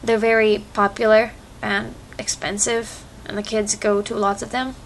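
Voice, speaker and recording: This young American woman vlogs casually into a phone microphone, rambling with plenty of fillers. She talks at a moderate pace in a mid-range voice with little pitch movement.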